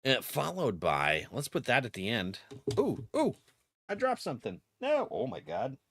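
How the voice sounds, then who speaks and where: A man with a cold streams a game, chatting casually, laughing often and performing his friends' lines. His mid-range voice swoops wildly, unhurried and a bit bright, with a little hiss or hum in the recording.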